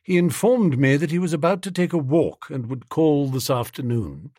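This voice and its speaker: A man's voice: a little high, expressive, moderate pace, warm tone, no echo, clean studio sound. A man voicing a formal, reserved manservant who answers in clipped, deferential lines.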